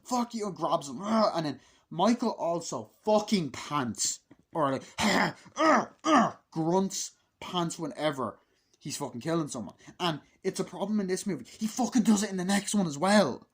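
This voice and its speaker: With a high, breathy voice and lively intonation, a man rants about a movie in a casual, blunt review laced with profanity. He acts out its scenes using quick put-on voices.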